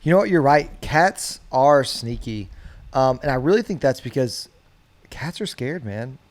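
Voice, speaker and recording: A male podcast co-host arguing his side in a casual mock debate, persuasive and fond of dramatic pauses. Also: medium pitch, lively intonation.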